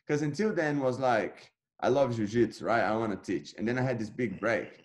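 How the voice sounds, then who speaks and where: A man in his thirties, a guest on an interview, telling his story casually and acting out past conversations with lively energy. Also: mid-range voice, moderate pace. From Brazil. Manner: animated, acts out his own past dialogue. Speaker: interview guest, jiu-jitsu black belt.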